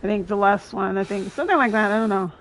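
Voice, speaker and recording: A woman streamer commenting live on her gameplay, excitable, often yelping and laughing. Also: mid-range voice, fast, slight background noise. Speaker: streamer playing a video game.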